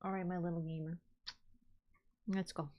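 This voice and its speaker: A woman streamer chatting casually to her viewers and cooing to her cat in soft, doting baby talk. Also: lowish voice, little pitch movement, moderate pace. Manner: coos and baby-talks to her cat, drifting between soft and bright. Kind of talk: casual livestream chat.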